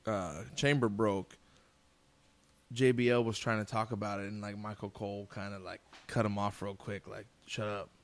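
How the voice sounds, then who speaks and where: A man's voice: on the low side, flat delivery, moderate pace. A man co-hosting a podcast who insists on his point and repeats it in casual chat. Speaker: podcast co-host.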